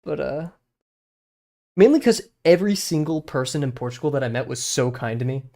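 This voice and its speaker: A man's voice: mid-range voice, animated, fairly quick, gravelly, mellow. A young man, chatting casually on a live stream while he draws, rambling with many fillers and restarts.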